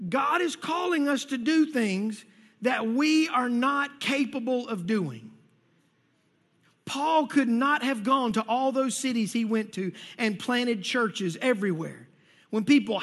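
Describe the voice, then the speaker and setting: A man preaching a sermon as pastor, talking in an animated, folksy way and repeating key phrases. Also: extremely high pitch, breathy edge. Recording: long reverb of a large hall.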